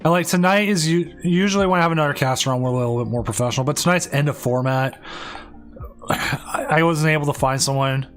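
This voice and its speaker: A man with a slightly high voice casts a live tournament stream in loose, rambling talk. He restarts sentences often and leans on fillers. Faint music plays under him. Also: fairly quick, fairly bright tone. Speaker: tournament stream host and caster. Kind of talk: casual live-stream commentary.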